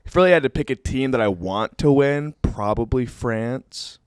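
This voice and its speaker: A man's voice: mid-range voice, moderate pace, smooth, no echo, clean studio sound. A young man cohosting a casual sports chat, talking in an easygoing, offhand way. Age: young adult.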